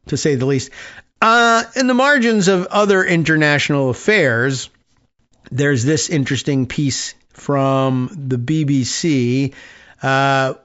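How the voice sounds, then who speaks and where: A man's voice: a little high, a bit bright, dull audio. A middle-aged man hosting a political talk show, reading news aloud with sarcastic asides and lots of fillers. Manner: wry and sarcastic, rambling with many fillers. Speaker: radio talk show host.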